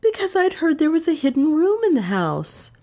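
A woman voicing a frightened young woman being interrogated, her voice tense, high and breaking. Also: very animated, moderate pace, mellow.

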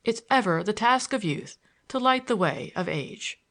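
A woman's voice: medium pitch, expressive, measured pace, a bit bright. A woman voicing an elderly, kindly grandfather who speaks with exuberant fondness. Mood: fond.

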